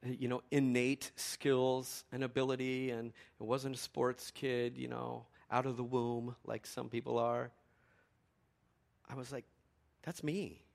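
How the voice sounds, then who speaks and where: A middle-aged male pastor telling a lively story in a sermon, swinging from excited exclamations to quiet, earnest reflection. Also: mid-range voice, gravelly.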